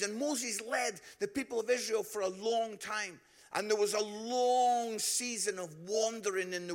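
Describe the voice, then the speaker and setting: Brief: Scottish male preacher, high and bright, chatty storyteller. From Scotland. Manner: chatty, with frequent "yeah?" tags and asides. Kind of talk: humorous storytelling sermon.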